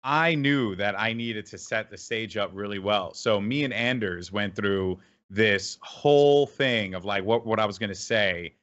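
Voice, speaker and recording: A man talking fast and loose as an interview guest, restarting sentences and piling on "like" as he tells a story. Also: fairly low pitch, muffled recording. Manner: animated, many restarts and "like". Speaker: esports caster guest. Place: home room with a clanking heater.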